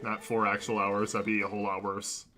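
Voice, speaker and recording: Bright-voiced young man rambling on stream. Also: on the low side, monotone, fairly quick. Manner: rambling, self-correcting, talks to chat. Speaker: streamer playing a video game. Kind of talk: casual livestream commentary. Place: home room at a computer. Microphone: desk mic.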